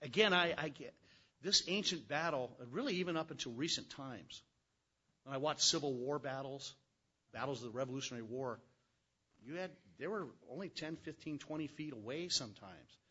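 A man preaching a conversational sermon, reading scripture with folksy, animated asides. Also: mid-range voice, normal speed, husky, muffled recording. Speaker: pastor.

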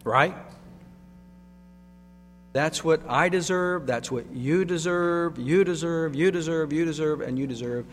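A man's voice: fairly high pitch, measured pace, pauses often. A man preaching a sermon, emphatic and repeating key words for stress. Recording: long hall reverb with mains hum.

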